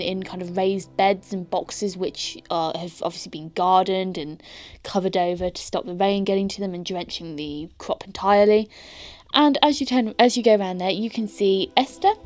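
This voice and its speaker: A woman's voice: medium pitch, a little mellow. British lady game master, rambly scene setting with lots of kind ofs and uhs. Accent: British English. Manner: rambling descriptive narration with fillers. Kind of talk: narrating a tabletop game.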